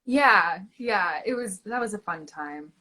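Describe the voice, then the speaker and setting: A young woman from Canada, chatting as a guest actress in a casual interview, animated and full of fillers and restarts. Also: mid-range voice, slow.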